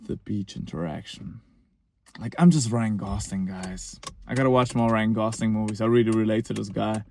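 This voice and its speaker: A man's voice: fairly low pitch, fairly even intonation, moderate pace, a little mellow, slight background noise. A young man telling a personal story in a casual, rambling monologue, full of fillers and short laughs.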